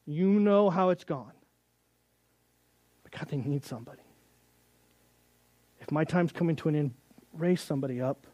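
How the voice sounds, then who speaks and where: A weary old prophet begs for a leader for his flock, voiced by a man telling the story. The voice sits fairly high for a man and is earnest and plain-spoken. The sound is close and dry. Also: expressive, moderate pace, long pauses, darkish tone, no room sound, natural voice. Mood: pleading. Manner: earnest, pleading paraphrase.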